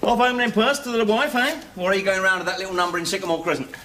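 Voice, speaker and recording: A man's voice: high voice, fairly even intonation, fast talker, sharp tone. An actor playing a sardonic middle-aged ex-convict father, wisecracking and dry. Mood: teasing. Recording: noisy old TV sitcom recording.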